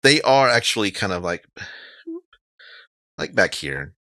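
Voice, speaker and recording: A male game master narrates a tabletop game casually. His voice is deep but bright and lively, and he rambles and stops to correct himself. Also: a little slow, dry recording.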